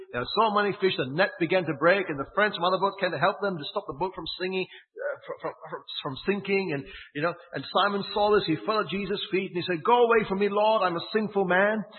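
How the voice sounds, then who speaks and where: A man preaching a sermon, retelling a story with asides and rhetorical questions. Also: fairly high pitch. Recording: tinny, phone-like sound with long hall echo.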